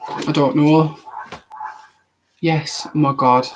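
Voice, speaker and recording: Young guy in his twenties, slightly high voice, casual live-stream chat, animated, rambling, restarts sentences often. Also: moderate pace, long pauses, rough recording. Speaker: streamer answering viewer questions.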